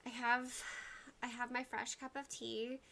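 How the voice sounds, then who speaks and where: A woman chats casually to her livestream viewers, rambling from topic to topic and greeting people by name. Her voice is bright and clear and sits a little high, with plenty of likes and y'alls. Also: flat delivery, a little slow. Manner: uses y'all and like often. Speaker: livestream host.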